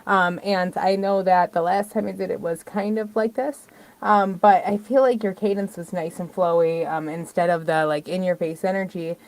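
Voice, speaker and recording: A woman giving chatty, animated feedback on a song in a casual review chat. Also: fairly low pitch, moderate pace. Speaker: music reviewer.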